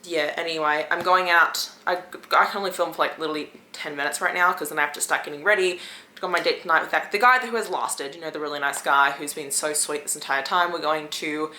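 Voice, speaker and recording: A young woman in her twenties chatting casually to camera in a vlog, quick and loose, swearing now and then. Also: low-pitched, steady tone, bright, forceful tone, reverberant, slight background noise. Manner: chatty, swearing, fast bursts of talk. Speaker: vlogger.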